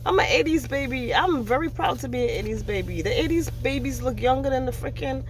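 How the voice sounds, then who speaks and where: A woman's voice: sits high, lively intonation, fairly quick, a little hiss or hum. A woman in her thirties from Brooklyn with a New York accent, chatting bluntly and animatedly in street slang, in a car. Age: 30s. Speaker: vlogger. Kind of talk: casual chat.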